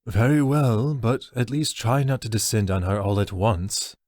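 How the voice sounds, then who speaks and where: Man putting on a slow, sighing old orc. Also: lowish voice, darkish tone, dry recording, studio quality, close to an everyday voice. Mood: cautious. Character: weary elderly green-skinned male orc host.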